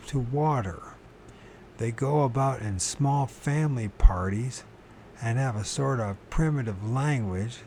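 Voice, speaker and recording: A man's voice: medium pitch, dark tone, a little hiss or hum. A man reading a book aloud, stumbling over words and correcting himself, with casual muttered asides to his listeners. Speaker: channel host reading aloud.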